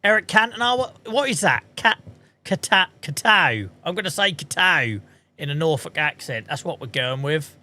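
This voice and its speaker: Brief: male game streamer, slightly high voice, loose chatty self-mockery. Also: sing-song, moderate pace, sharp tone. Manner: chatty, self-mocking, swears casually. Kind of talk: casual livestream chat.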